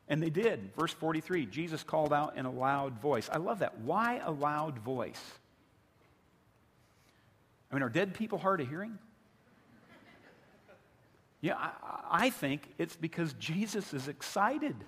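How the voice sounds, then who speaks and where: A man's voice: on the high side, animated, measured pace, fairly bright tone, husky. A male pastor preaching a sermon, building with emphatic repetition. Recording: long hall reverb.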